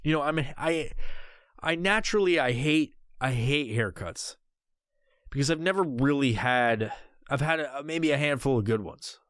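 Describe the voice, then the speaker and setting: A man's voice: medium pitch, lively intonation, moderate pace, fairly bright tone, clear, resonant tone, no room sound, studio quality. Profane rambling man on a headset. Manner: profane, rambling, lots of restarts. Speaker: podcast host. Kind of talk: casual rambling podcast rant.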